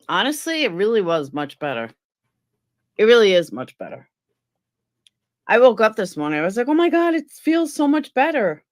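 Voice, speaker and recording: A woman on a live stream telling a story and ranting bluntly, with swearing. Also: medium pitch. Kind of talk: casual live-stream rant.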